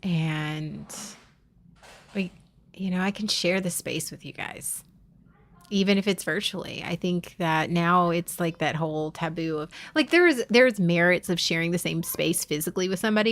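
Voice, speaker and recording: A woman live streaming, talking candidly and heartfelt with her viewers, often restarting her sentences. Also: lowish voice. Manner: confiding, swears casually.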